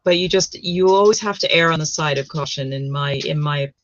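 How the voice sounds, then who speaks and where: A woman's voice: low-pitched, brisk, no room sound. American woman chatting, lots of ums, kinda dull lo-fi sound, dry. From United States. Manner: hesitant, many ums and restarts. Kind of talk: casual chat.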